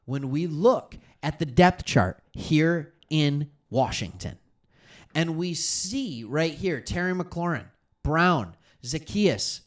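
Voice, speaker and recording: A man hosting a solo sports talk show, emphatic and animated, speaking straight to his viewers. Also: on the high side, a little slow. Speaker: sports commentary host.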